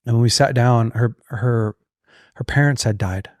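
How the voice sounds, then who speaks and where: A man hosting a podcast in casual chat, telling stories and acting out inner thoughts in lively bursts. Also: mid-range voice, normal speed, no echo, clean studio sound. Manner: animated, acts out inner thoughts. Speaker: podcast host.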